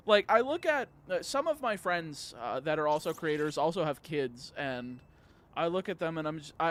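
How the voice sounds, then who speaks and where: A tipsy man streaming a video game, rambling and joking crudely between moves. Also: a little high. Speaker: gaming streamer. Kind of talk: casual livestream chat while playing.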